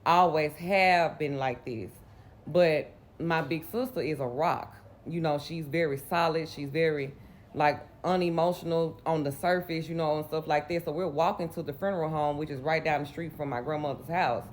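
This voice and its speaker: A woman's voice: sits low, fairly even intonation, moderate pace, darkish tone. A Southern US woman from Mississippi in her late twenties, telling a personal story in a candid, rambling way. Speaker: vlogger.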